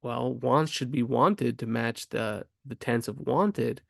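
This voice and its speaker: A man's voice: medium pitch, slow pace, creaky, no room sound, clean studio sound. A man teaching grammar casually, thinking aloud with frequent ums and restarts. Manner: rhetorical questions asked with rising emphasis.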